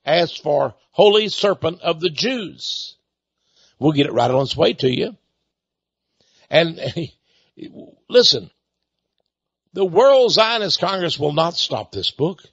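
A man hosting a radio talk show, preaching emphatically and pitching a product, with repeated words and sarcastic asides. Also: animated, a little slow, gravelly, slightly rough, no echo, highs cut off. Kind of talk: preachy radio monologue with an on-air sales pitch. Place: studio with a co-worker present.

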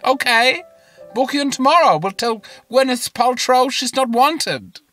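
A man's voice: expressive, pushed and bright, soft background music, full character voice. A man putting on an exaggerated German accent to voice a young woman who jokes with a straight face. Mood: breezy. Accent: German, as put on. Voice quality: high, drawn-out put-on voice. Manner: unflappable, never breaks character.

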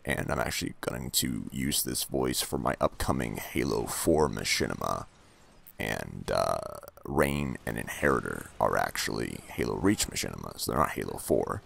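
A man putting on a deep gravelly character voice. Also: animated, a bit bright, heavily acted. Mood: low, calm. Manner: slow, low, murmured delivery. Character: deep low-voiced male character, menacing. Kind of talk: game commentary in a practice character voice.

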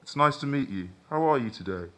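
A humanlike female sex robot speaks in a raised, slow and mechanical voice, as a man reading the story puts her on. Each phrase is polite and stilted, with an evenly computerized feel. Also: mid-range voice, lively intonation, pitched above the performer's own voice, natural voice. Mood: politely stilted.

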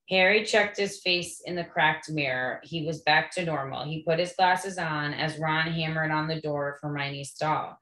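A woman reads a novel aloud to her listeners, gentle and friendly. Her voice is low. The room rings with echo around her. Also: normal speed, hardly any pauses. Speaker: read-aloud host. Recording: echoey room.

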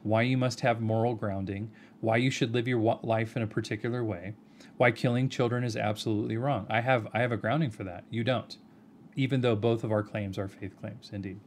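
A man with a fairly low voice speaks straight to camera in a measured, respectful but argumentative tone. He keeps returning to rhetorical questions aimed at one person, with a faint hum of room ambience behind him. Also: fairly even intonation. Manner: earnest, argumentative, addresses the other person by name. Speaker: video commentator. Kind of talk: direct-to-camera video response.

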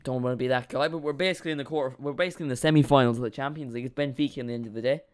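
A young man hosting a live football stream. His voice is smooth and resonant, with a middle pitch. He rambles through excitable banter with his viewers. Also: very fast. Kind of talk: live football watch-along chat.

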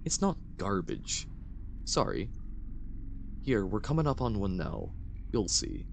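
A man's voice: fairly low pitch, wildly swooping pitch, takes it slowly, gravelly, slight background noise, full character voice. A man reading a middle-aged junk collector in a half-hearted Scottish accent, jolly and nautical. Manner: jolly, rolling nautical delivery.

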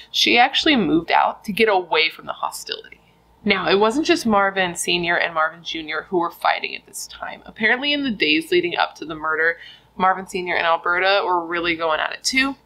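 A woman's voice: on the low side, vocal fry, fairly bright tone, rough recording. A young woman casually retelling a true crime story, chatty and full of filler words.

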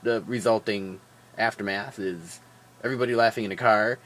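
A man's voice: lowish voice, a little fast. Tired, jokey guy vlogging. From Wisconsin. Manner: animated, jokey, rambling, with fillers. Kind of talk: casual daily vlog chat.

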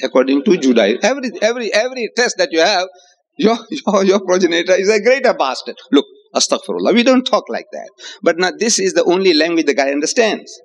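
Animated older South African male lecturer. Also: quick pace. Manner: animated, acts out quoted voices with rising pitch. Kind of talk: public religious lecture. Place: hotel lecture hall with audience.

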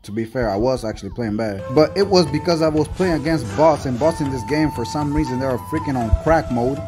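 A young man reacting to a video game as he plays, voice sitting at an ordinary middle pitch. He swings between muttering complaints and loud, disbelieving outbursts, cursing all the way. Clear background music plays beneath him. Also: brisk. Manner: loud exasperated reactions, heavy swearing. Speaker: gaming YouTuber. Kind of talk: gameplay commentary.

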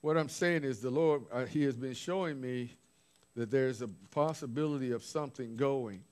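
A man's voice: mid-range voice, normal speed, a little mellow. A man preaching informally, recounting visions from his notes with restarts and asides. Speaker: apostle preaching. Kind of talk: sermon.

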